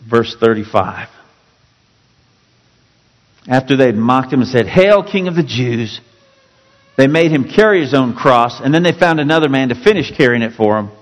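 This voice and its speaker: A male pastor preaching a sermon with dramatic, emphatic storytelling that drops suddenly to quiet. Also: medium pitch, expressive, moderate pace, pauses often, long reverb tail, rough recording.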